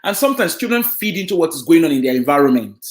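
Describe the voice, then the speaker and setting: Speaking at a quick pace, a man who works with children and families walks parents through a concept during a community parenting talk. His voice is high and full of energy, he regularly checks in to confirm they understand, and the recording has a noticeable echo.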